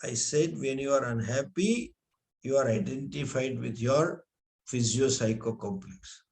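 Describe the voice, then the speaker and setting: A man teaching scripture, explaining slowly with Sanskrit terms and frequent restarts. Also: mid-range voice, vocal fry, darkish tone. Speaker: spiritual teacher. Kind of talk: scripture lecture.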